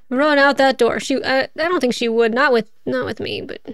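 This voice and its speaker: High-voiced chatty woman streamer. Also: fairly even intonation, unhurried. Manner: chatty, thinks aloud, laughs often. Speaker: game streamer. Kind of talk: casual gameplay commentary.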